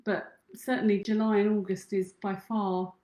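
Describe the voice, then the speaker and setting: A woman's voice: mid-range voice, flat delivery, normal speed, mellow. Giggly woman in an echoey room. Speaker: dance teacher co-hosting a live Q&A. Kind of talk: casual live-stream chat.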